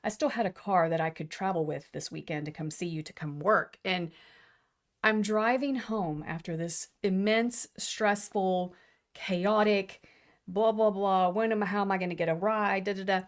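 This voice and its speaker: A woman co-hosting a podcast, telling a story in emotional, animated casual chat. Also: mid-range voice, normal speed. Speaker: podcast co-host.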